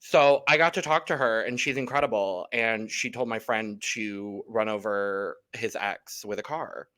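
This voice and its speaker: A man co-hosting a podcast, sharing an anecdote in a chatty, excitable way. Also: on the low side, unhurried. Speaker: podcast co-host. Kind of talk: casual chat.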